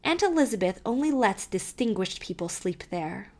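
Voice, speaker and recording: A woman narrating an audiobook, reading a child's first-person letter aloud with expressive, varied delivery. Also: medium pitch, moderate pace.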